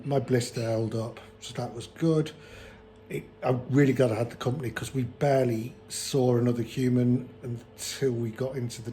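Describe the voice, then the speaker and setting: A man chatting through his walking diary in a rambling, relaxed way, full of ums and restarts. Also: medium pitch, a little hiss or hum, low-quality recording. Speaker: long-distance walker filming a trail diary. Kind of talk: casual vlog narration.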